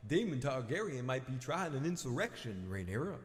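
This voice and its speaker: A man voicing a gruff, folksy older male lord with a slow, rough drawl. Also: medium pitch, big pitch swings, big-room sound, natural voice. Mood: wry.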